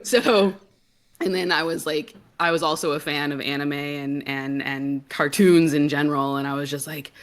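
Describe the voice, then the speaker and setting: A woman's voice: low voice, fairly even intonation, normal speed. A woman, a voice actor, chatting on a call in a bubbly, giggly way. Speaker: voice actor guest. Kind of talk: casual video-call chat.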